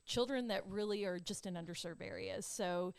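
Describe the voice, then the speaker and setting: A woman hosting a podcast, introducing her guests in an effusive, excited casual chat. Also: medium pitch, moderate pace, creaky, clear, resonant tone, no echo. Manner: bubbly, effusive, gushing with excitement. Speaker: podcast host.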